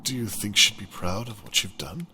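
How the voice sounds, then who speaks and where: Man doing a desperate detective, very deep voice, urgent, game dialogue. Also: moderate pace, noisy background, natural voice. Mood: confronting. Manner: urgent, pleading. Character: captive male detective, desperate and pleading. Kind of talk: video game voice acting.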